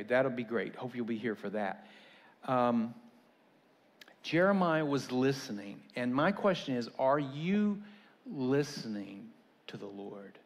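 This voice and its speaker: A man's voice: mid-range voice, big-room sound. A man giving a conversational sermon as a pastor, with casual asides and restarts.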